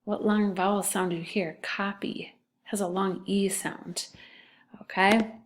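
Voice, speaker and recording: Slow, patient woman teaching phonics. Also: mid-range voice, little pitch movement. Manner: slow, patient, sounding out letters. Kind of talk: phonics lesson for children.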